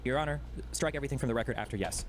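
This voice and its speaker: A man's voice: medium pitch, background noise. A man casually recounting a court hearing, amused, with lots of "like" and "um". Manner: rapid, amused storytelling with fillers. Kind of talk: casual chat.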